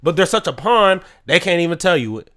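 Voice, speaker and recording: A man's voice: high-pitched, very animated, fairly quick, sharp tone. A man hosting his own podcast, ranting solo in a profane, incredulous commentary. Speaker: podcast host.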